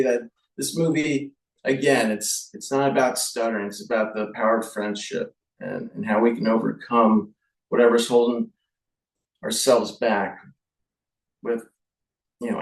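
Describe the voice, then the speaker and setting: A man giving a casual, halting movie review, slow and full of fillers and restarts. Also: medium pitch, creaky, far from the mic. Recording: echoey room, off-mic.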